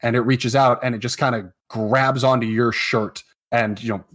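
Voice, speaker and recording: A man's voice: mid-range voice, fairly even intonation, moderate pace, fairly bright tone. A man running a tabletop game as game master, narrating loosely with many fillers.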